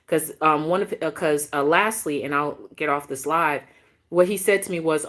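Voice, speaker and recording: A woman in her thirties telling a dating story on a casual live stream, animated and emphatic, repeating phrases for effect. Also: sits low, moderate pace.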